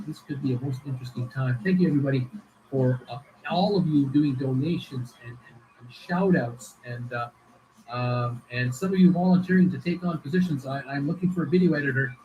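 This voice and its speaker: A man's voice: on the high side, a little mellow, a little hiss or hum, low-quality recording. A man hosting a casual livestream who rambles with many fillers and restarts while reading viewer comments aloud. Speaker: livestream host.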